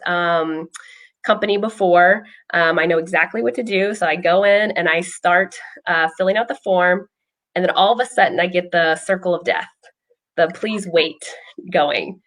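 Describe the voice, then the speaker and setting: A woman's voice: on the low side, normal speed, fairly bright tone. A woman speaking as a behavioral health clinician, casually telling a personal story with frequent ums. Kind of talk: casual explanatory chat.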